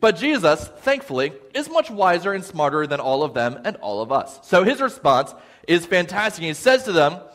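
A man preaching a sermon as a pastor, telling an animated, self-deprecating story with frequent "okay?" asides. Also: a little high, normal speed. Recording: long hall reverb.

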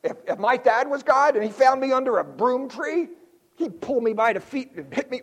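Older pastor, high-pitched man, playful sermon style with quick jokes and hushed asides. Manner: lively, jokey preaching with sudden drops to quiet asides.

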